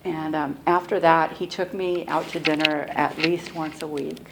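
Low-pitched middle-aged woman, soft and halting, sharing her recovery story; recording has audible noise. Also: flat delivery. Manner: soft-spoken, halting storytelling with frequent restarts. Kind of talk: personal recovery testimony. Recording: clear background noise and clicks.

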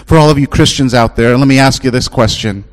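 Speaking a little fast, this middle-aged man preaches as a chaplain, swinging from fervent high-pitched appeals to hushed, low-voiced storytelling. Faint music plays behind him.

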